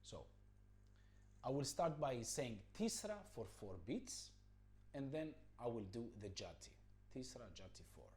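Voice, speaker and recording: Unhurried and patient, a lively-voiced man teaches rhythm as a music teacher, explaining carefully. He calls out the spoken counting syllables in a loud, high chant.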